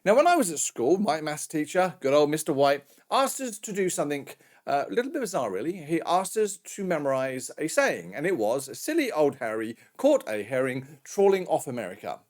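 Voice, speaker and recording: A man's voice: a little high, sing-song, normal speed, few pauses. A British man teaching a recorded maths lesson in a chatty, jokey way with self-mocking asides. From Britain.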